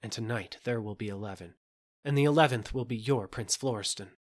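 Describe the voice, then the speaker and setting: A man voicing a secretive, fearful young maid in a storybook reading, speaking low and confidingly. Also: a little fast, close to an everyday voice. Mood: warning.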